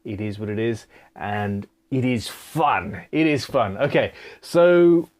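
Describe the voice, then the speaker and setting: A man's voice: fairly low pitch, measured pace. Chatty man hosting a live Q&A. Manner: chatty, self-deprecating, reading out viewer comments. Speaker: live stream host and guitar builder. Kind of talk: casual live stream Q&A. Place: home studio.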